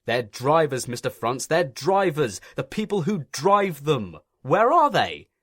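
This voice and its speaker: A man's voice: a little high, sing-song, a little slow, no echo, studio quality, voice pushed up. A man voicing a pompous, stern male railway inspector who talks in a fussy, officious way.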